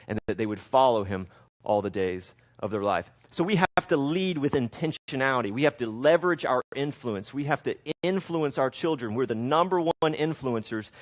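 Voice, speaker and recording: Male pastor, thirties, mid-pitched, conversational sermon delivery with scripture readings and loose restarts.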